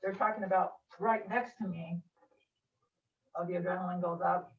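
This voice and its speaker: A woman making a hesitant, modest comment at a council meeting, with fillers and a few quick laughs at herself. She is heard from far off in an echoey room, and the sound is dull. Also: lowish voice, steady tone. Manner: hesitant, self-deprecating. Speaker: public commenter at a city meeting. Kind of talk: public comment. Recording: echoey room from afar, muffled.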